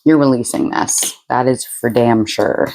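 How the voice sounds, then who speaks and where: A woman's voice: rumbling low, a little slow, gravelly, warm tone, poor audio. A woman giving a casual tarot reading to her viewers, chatty and frank, laughing often and using blunt slang. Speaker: tarot reader.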